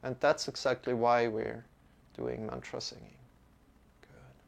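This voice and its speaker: A male mantra teacher gives a live-streamed lesson in an unhurried, clear and smooth voice. He talks in a casual, chatty way and drifts through plenty of fillers. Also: mid-range voice, big pitch swings.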